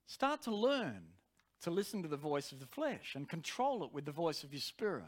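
High-voiced preacher. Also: male voice, big pitch swings, moderate pace. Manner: earnest, personal storytelling. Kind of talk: sermon.

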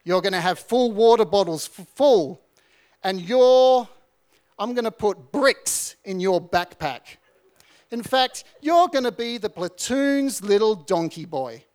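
A man's voice: sits high, expressive, takes it slowly. A man doing a barking drill corporal. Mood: menacing, taunting. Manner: loud, barking threats. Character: harsh male army drill corporal, taunting and menacing.

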